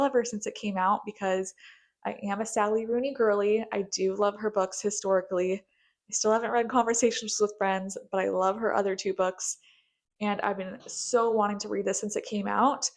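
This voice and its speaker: Bubbly young woman gushing about books. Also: mid-range voice. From United States. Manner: bubbly, gushing, filler-heavy with frequent likes. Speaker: book vlogger. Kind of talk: casual chat.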